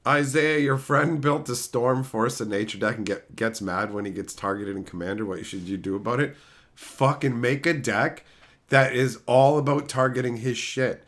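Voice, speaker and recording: A man's voice: mid-range voice, moderate pace, a bit bright. A male streamer casually answering chat questions in a profane, rowdy, mocking way.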